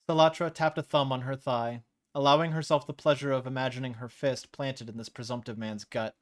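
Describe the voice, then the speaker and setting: A man's voice: medium pitch, moderate pace. A man hosting a live-streamed story reading, narrating casually and laughing off his slips.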